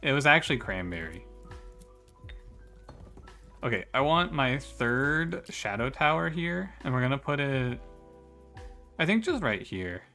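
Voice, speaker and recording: Bright-voiced man streaming a game. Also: mid-range voice, very animated, measured pace, long pauses. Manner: chatty, swears freely, laughs while talking to chat. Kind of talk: casual live-stream chat. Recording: faint music behind the voice.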